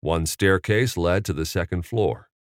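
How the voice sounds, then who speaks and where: A man narrating an audiobook chapter in a measured, expressive reading. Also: deep voice, no echo, studio quality. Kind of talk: scripted narration.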